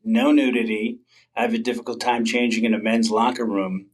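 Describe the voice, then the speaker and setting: A man's voice: medium pitch, flat delivery, a little fast, rough recording. A middle-aged male comedian, a guest in a candid interview, telling stories in a rambling way with lots of fillers and restarts.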